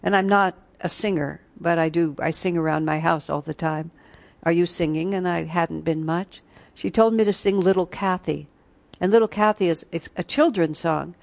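A woman's voice: fairly low pitch, normal speed, vocal fry, a little mellow. A woman teaching a retreat class, telling stories and breaking into snatches of song. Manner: storytelling, breaks into sung snatches and laughs. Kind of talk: spiritual class talk.

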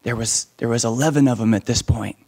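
A man telling a story to children, animated and asking the listeners questions along the way. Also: mid-range voice, brisk.

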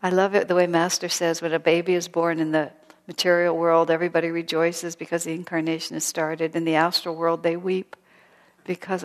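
A woman teaching a spiritual class in a gentle, reflective way, often sinking into a soft whisper. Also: fairly low pitch, steady tone, moderate pace, big-room sound.

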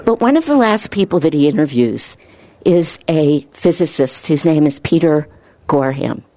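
A woman giving an informal spiritual talk, earnest and rambling, her voice lifting higher when she gets excited. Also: normal speed, no room sound. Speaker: spiritual speaker.

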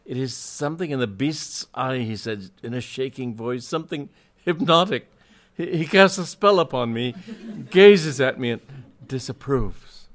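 A man doing a trembling, high-strung young artist. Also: steady tone, normal speed, hardly any pauses, natural voice. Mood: shaken. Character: agitated young male artist, fussy and pleading.

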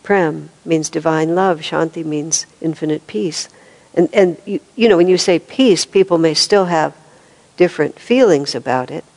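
Woman, seventies, spiritual talk, gravelly, low-pitched, anecdotal and conversational. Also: moderate pace, a little mellow, rough recording. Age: 70s. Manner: storytelling with laughs and restarts. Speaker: spiritual teacher.

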